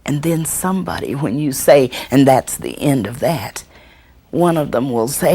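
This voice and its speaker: A woman storyteller teaching a workshop and answering audience questions, expressive and deliberate, acting out the voices she quotes. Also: extremely low pitch, husky. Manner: slow, deliberate delivery with chuckles.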